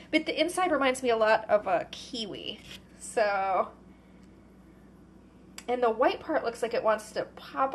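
Eating as she talks, this podcast host chats casually on her own, full of fillers and occasionally speaking with her mouth full. Her voice sits on the high side, with a little hiss or hum in the recording.

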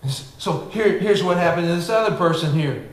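A man preaching a sermon with excitable energy, swinging from shouting to quiet asides. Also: high voice, normal speed. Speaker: pastor. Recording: echoey room.

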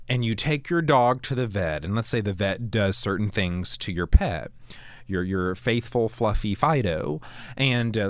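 An animated man hosts a Christian talk show, his voice lively and expressive and rising high when he voices others. He talks in a loose, conversational way, often restarting his sentences. The sound is dry and close. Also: no room sound. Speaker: podcast host. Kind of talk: casual Christian commentary.

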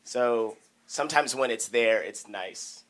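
A man, a comedian guest, reflecting in a halting, thoughtful way in casual chat. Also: mid-range voice, a bit bright. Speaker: improv and stand-up comedian guest.

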